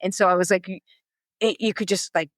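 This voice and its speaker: A woman who is a marathon runner and coach, telling stories in a lively, chatty way as a podcast guest. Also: mid-range voice, dry recording. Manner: animated, quick storyteller acting out quotes. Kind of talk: casual storytelling interview.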